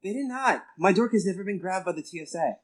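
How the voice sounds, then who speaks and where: A man co-hosting a podcast, talking in a relaxed, meandering way. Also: high-pitched, quick pace. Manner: relaxed, meandering, lots of "like" fillers. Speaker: podcast co-host. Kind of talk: casual chat.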